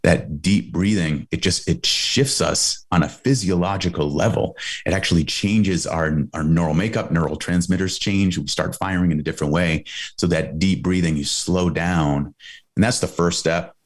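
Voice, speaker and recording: A man's voice: low voice, steady tone, normal speed. A middle-aged man, a guest on a podcast, earnestly explaining a coaching idea with frequent restarts. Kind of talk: conversational interview answer.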